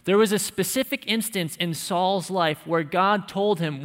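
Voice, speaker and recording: Preaching unhurriedly with hardly any pauses, a male pastor mixes emphasis, conversational warmth and light humor into his sermon. His slightly high voice is a bit bright, and a long church-hall reverb follows his words.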